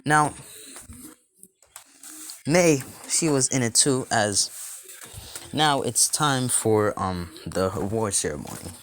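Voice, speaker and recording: A man's voice: mid-range voice, animated, slow pace, pauses often, fairly bright tone, a little hiss or hum. A young man improvising a fan fiction story, rambling and restarting sentences as he goes.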